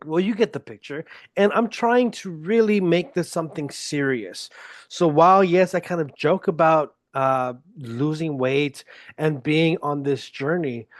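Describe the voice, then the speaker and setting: A man's voice: on the high side, no room sound, clean studio sound. A man hosting a solo podcast in a casual, self-deprecating, joking manner. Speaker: podcast host.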